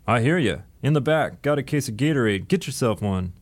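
A man's voice: mid-range voice, lively intonation, fairly quick, close to an everyday voice. A man doing a breezy Brooklyn van driver. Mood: easygoing. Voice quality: slangy, breezy, calls people brah. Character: laid-back male Brooklyn van driver, talks of himself in third person.

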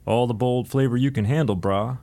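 A man's voice: medium pitch, a little fast, warm tone, close to an everyday voice. A man doing a breezy Brooklyn van driver. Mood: easygoing. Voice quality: slangy, breezy, calls people brah. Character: laid-back male Brooklyn van driver, talks of himself in third person.

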